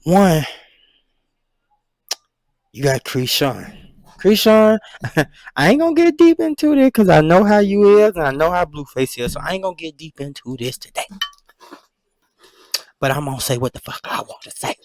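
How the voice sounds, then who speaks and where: Breathless gravelly podcast co-host, man. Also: high voice, sing-song, moderate pace, long pauses, darkish tone, no echo. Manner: loose, profane, gossipy, drops into whispers. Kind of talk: casual podcast chat.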